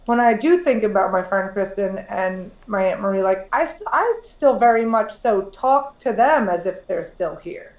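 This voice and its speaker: A woman's voice: medium pitch, moderate pace, few pauses, darkish tone, reverberant, highs cut off. A woman co-hosting a podcast in casual chat, candid and swearing freely, with lots of "like". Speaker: podcast co-host.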